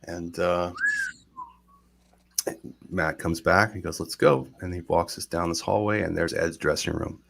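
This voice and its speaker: A man's voice: deep voice, measured pace, gravelly, long pauses, slight background noise. A man telling a long personal story on a live talk show, rambling and acting out what people said. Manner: rambling, animated retelling with quoted voices. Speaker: guest storyteller.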